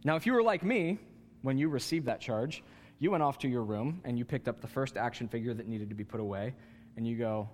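A man preaching a sermon as a pastor, animated and self-mocking, climbing higher in pitch to stress a point. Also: fairly quick, slight background noise. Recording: long hall reverb.

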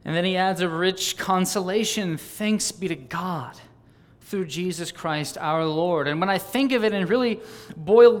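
A man preaching a sermon, reading old diary passages aloud and building fervent, rhythmic lists. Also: high voice. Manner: fervent, rising on exclamations and lists.

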